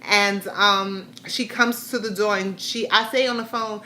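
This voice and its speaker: A woman's voice: mid-range voice, fairly even intonation, a little slow, pushed and bright, slight background noise. A woman vlogger, mother of a grown son, candidly retelling a hard day with rambling restarts. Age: adult, has a grown son. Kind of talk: personal storytelling vlog.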